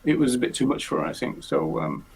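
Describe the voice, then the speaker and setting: A man hosting a casual live-stream chat over a video call, talking haltingly with many fillers and restarts. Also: low voice, big pitch swings, gravelly, a little mellow, slightly rough, poor audio. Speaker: host.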